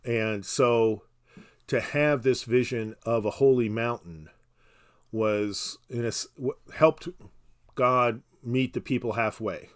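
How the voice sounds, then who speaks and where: A man teaching scripture in an easygoing conversation. He explains patiently and often restarts his sentences. A dry humor runs under his mid-pitched voice. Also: slow pace. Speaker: Bible teacher. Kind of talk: casual Bible study podcast.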